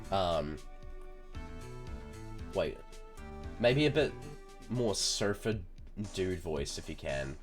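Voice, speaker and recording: Laid-back male streamer with a deep voice, commenting over quiet game music. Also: sing-song, extremely slow, long pauses.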